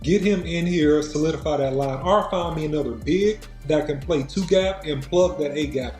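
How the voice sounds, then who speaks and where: A man on a sports talk panel giving earnest analysis, his voice going hoarse. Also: fairly high pitch, moderate pace, darkish tone, reverberant, faint music behind. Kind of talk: casual sports talk stream.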